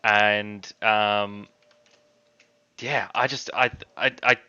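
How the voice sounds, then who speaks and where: A man's voice: lowish voice, steady tone, extremely slow, pushed and bright, clear, resonant tone, dull audio. A man from Australia co-hosting a casual fantasy draft chat, rambling and correcting himself as he picks. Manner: rambling, self-correcting, easily laughs at himself. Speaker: co-host.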